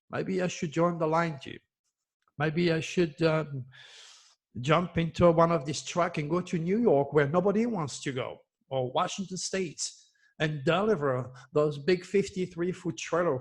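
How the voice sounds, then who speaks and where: A man delivering a solo commentary as an astrologer, reading news headlines and preaching with impassioned emphasis and repeated phrases. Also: sits high. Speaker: astrologer giving predictions.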